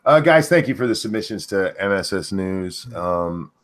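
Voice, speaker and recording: Low-voiced male host, voice worn from talking. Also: lively intonation, moderate pace. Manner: loose and wry, reads viewer messages aloud. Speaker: show host. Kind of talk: casual livestream chat.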